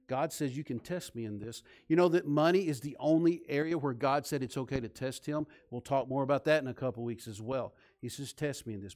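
A man preaching a sermon as pastor of a church, quizzing the congregation and swinging from loud emphatic lines to soft, low endings. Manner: preaching with call-and-response questions to the congregation. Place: church sanctuary.

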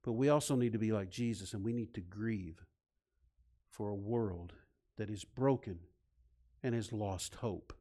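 A man preaching a sermon, swinging from loud, emphatic points to soft, low passages. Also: unhurried, pauses often. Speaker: pastor.

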